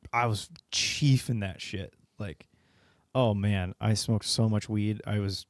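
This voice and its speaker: A man's voice: fairly low pitch, fairly even intonation, takes it slowly, dry recording. Dry-sounding laughing, swearing guy. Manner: rambling, laughs often, swears freely. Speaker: podcast co-host. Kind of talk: casual chat.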